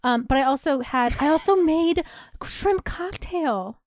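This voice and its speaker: A woman in her thirties co-hosting a podcast, telling stories in a chatty, animated way. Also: sits high, measured pace, dry recording, studio quality. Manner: chatty, animated storytelling with laughs. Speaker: podcast co-host. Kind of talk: casual chat.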